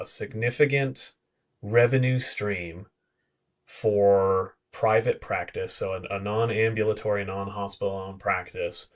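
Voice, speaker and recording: A man appearing as a podcast guest, explaining with detailed examples and blunt asides. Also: fairly low pitch. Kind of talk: conversational podcast discussion.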